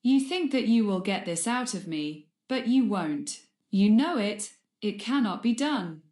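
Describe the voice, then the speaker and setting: A woman narrator puts on a cold, sneering male wizard professor who glares at everyone in a fan-read storybook. The voice sits at a middle pitch and carries a roomy echo. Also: lively intonation, a little slow, a little mellow, natural voice.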